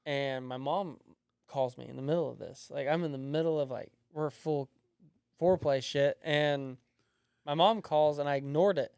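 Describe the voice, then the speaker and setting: A man's voice: fairly high pitch, normal speed, gravelly, a little mellow, clean tone, no room sound, studio quality. A man guesting on a comedy podcast, telling stories in a blunt, profane, chatty way and laughing along as he goes. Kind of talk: casual podcast storytelling.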